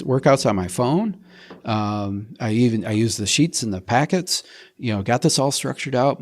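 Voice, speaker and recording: A middle-aged man tells his story in a relaxed interview. His voice sits a little low, and he talks in bursts, restarting sentences and acting out what he and others said. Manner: animated, acts out his own quotes, frequent restarts. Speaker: program member telling his story.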